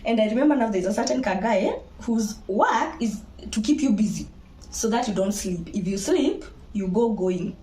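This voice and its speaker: A young Kenyan woman with a Kenyan accent, telling her own birth story to viewers in a lively, laughing way and slipping into Swahili. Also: medium pitch, normal speed. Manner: animated, laughing, mixes Swahili into English. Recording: echoey room.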